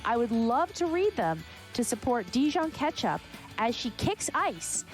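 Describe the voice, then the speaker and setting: A woman's voice: on the high side, sing-song, measured pace, soft background music. A woman hosting a live charity stream, bubbly and enthusiastic as she talks to chat. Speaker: charity marathon host.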